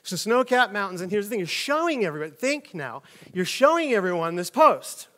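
Animated high-voiced male pastor. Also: brisk. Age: middle-aged. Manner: animated storytelling with jokes and acted-out voices. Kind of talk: conversational sermon.

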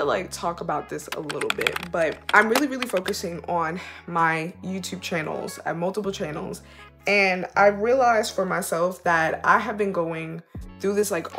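A woman's voice: fairly low pitch, fairly bright tone. A woman vlogger and pole dancer in casual chat to camera, rambling and leaning on "like" fillers. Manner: chatty, rambling, leans on "like" fillers. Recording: reverberant room with faint music.

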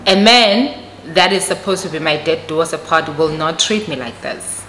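A South African woman with a bright, forceful voice tells a storytime tale to her viewers. She switches back and forth between Xhosa and English in an animated way. The recording sounds echoey, as in a bare room with a faint hiss behind it. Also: sits low, moderate pace. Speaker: vlogger. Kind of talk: storytime vlog.

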